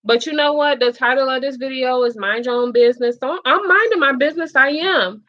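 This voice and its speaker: A young woman with a fairly high voice gives her blunt, opinionated takes in a casual gossip chat. She swears freely. The sound is dull and lo-fi. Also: a little fast. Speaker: co-host.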